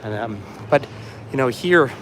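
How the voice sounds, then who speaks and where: A man's voice: mid-range voice, expressive, measured pace, a bit bright, faint music behind. A man livestreaming a walking tour outdoors, chatting and rambling as he reads out viewer comments, filmed on a phone camera as he walks. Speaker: tour guide. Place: outdoors on a city waterfront street.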